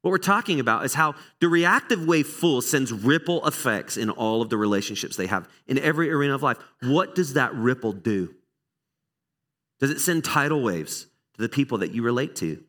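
A middle-aged man preaching a conversational sermon as a pastor, telling stories about himself with candid, animated, self-deprecating energy. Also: medium pitch, fairly quick.

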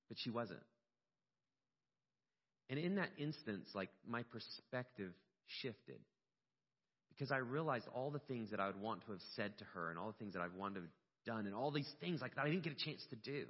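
A middle-aged pastor delivers a sermon in a lowish voice, storytelling with swells of feeling. His words ring out with a long hall reverb, and the recording sounds somewhat dull and lo-fi. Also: moderate pace, long pauses. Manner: storytelling, animated and emotional at peaks.

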